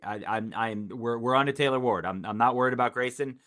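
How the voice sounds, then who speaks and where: A man's voice: medium pitch, a little fast, a bit bright. A man chatting casually as a guest about sports, often repeating words as he restarts his sentences. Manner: stammering restarts, easygoing.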